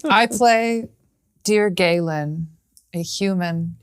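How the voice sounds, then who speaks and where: A woman's voice: fairly low pitch, extremely slow, clear, resonant tone. A woman playing a tabletop game, chatting and giggling with the group. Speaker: player. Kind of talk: casual banter at a game table.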